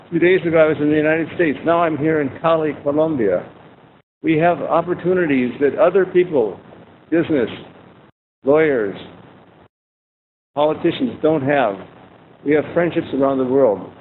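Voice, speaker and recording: A man in his sixties giving a humorous, conversational university lecture with anecdotes. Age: 60s. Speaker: guest lecturer. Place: warm university lecture room. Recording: tinny phone-like sound, faint rumble.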